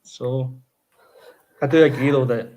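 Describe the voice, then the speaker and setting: Guy on a football podcast, pretty monotone, chats away with strong opinions. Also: medium pitch. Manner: chatty, opinionated, fast-flowing. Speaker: podcast co-host. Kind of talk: casual football chat.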